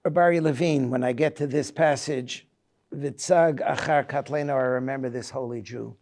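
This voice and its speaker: A man in his seventies, a rabbi giving a reflective Tisha B'Av lecture, telling personal stories in a halting way. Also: medium pitch, steady tone, a little mellow. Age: 70s.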